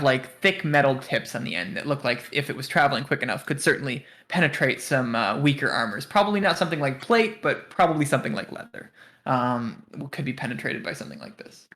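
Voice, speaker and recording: A man's voice: a little high, a bit bright. A young man narrating a tabletop game as game master, rambling with many fillers.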